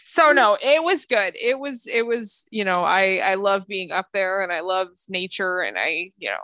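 Animated woman in casual podcast chat. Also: medium pitch, moderate pace, dry recording. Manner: animated storyteller, acts out voices, laughs often. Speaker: podcast co-host. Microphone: headphones over a video call.

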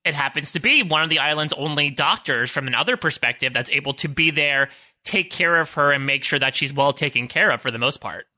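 A man's voice: on the high side, brisk, pushed and bright. A man co-hosting a podcast, chatting in a playful, enthusiastic way. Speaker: podcast co-host. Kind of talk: casual podcast chat.

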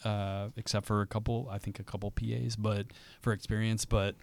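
A man talking casually as a filmmaker on a live panel, animated and quoting people as he tells stories. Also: on the low side, brisk. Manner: animated storyteller, quoting people in little voices. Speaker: podcast guest, filmmaker. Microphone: studio mic.

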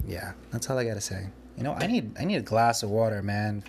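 Against background noise, a man with a fairly low, animated voice speaks at normal speed. As a restaurant back-of-house manager on a casual podcast, he describes a work mishap, rambling and restarting sentences with nervous laughs, still anxious and shaken.

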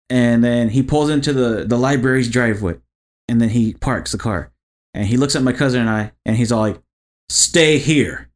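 A man co-hosting a casual podcast, telling a crude, lively family story full of swearing. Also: medium pitch. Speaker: podcast co-host.

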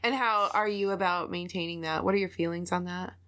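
A woman's voice: on the low side, steady tone, brisk, fairly bright tone. An American woman hosting a podcast, chatting candidly, laughing easily and swearing casually. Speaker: podcast host. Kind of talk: casual conversation.

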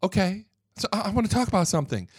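A man's voice: high-pitched, sing-song, very fast, slightly rough, no room sound, clean studio sound. A man hosting a political commentary show, ranting indignantly, swearing freely and stumbling over repeated words when worked up. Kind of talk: opinionated political monologue.

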